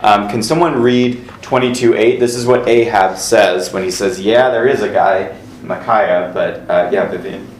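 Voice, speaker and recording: Guy teaching bible class, lots of ums and uhs, reads verses out, kinda deep voice, roomy echo. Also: normal speed, slight background noise. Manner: chatty, many fillers, reads verses aloud. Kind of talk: casual Bible class lecture. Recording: echoey room.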